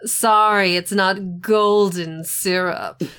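A woman's voice: medium pitch, steady tone, slow, a bit bright, clear, resonant tone. An actress playing a passionate, opinionated young woman who argues earnestly. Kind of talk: adult audio role-play.

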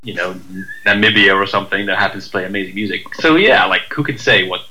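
A deep-voiced man from the UK co-hosts a podcast, chatting casually at a fast clip in a pushed, bright tone. He rambles and is self-deprecating, full of fillers and restarts. The recording quality is low.

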